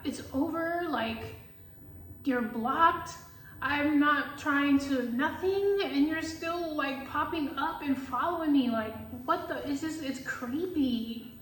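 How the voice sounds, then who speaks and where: A woman who reads tarot, telling a story in casual vlog chat, animated and full of filler words and swearing. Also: high-pitched, slow pace, echoey room, far from the mic, a little hiss or hum, poor audio. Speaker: tarot reader.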